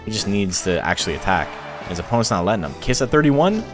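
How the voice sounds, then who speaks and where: A man with a fairly low voice commentates video game battles for his stream in an easy, chatty way. He laughs often while telling stories. Soft game music plays faintly behind him. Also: sing-song, fast talker. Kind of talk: casual live-stream commentary.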